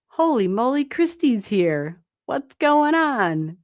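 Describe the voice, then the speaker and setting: A woman giving live astrology readings on a stream, chatty and animated, swearing casually and laughing often. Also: medium pitch, normal speed, few pauses. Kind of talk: casual livestream chat.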